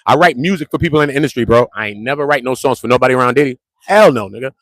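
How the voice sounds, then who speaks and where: Slangy New guy rambling to camera, lively swings, bright edge. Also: medium pitch, fast talker, no room sound, clean studio sound. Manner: slangy, joking, repeats himself. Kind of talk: casual rambling talk to the camera.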